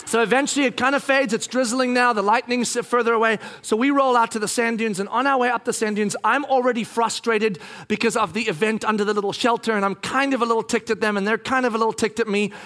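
High, bright, animated preacher man. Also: fast talker, few pauses. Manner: animated, acts out scenes, bursts into shouting. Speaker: pastor. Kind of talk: sermon storytelling.

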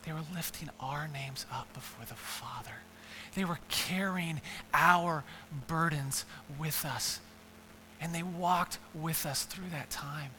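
A man's voice: on the high side, slow pace, sharp tone, long reverb tail, slight background noise. A man preaching a sermon in a church, earnest and emphatic, often repeating words and building up lists. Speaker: pastor.

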